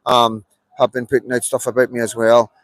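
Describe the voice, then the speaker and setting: Middle-aged Belfast man, mid-pitched, emphatic live-stream rant, dry recording. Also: monotone, a little fast, no echo, poor audio. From Belfast, Northern Ireland. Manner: emphatic and repetitive, many fillers. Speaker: livestreamer. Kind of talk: rambling live political monologue.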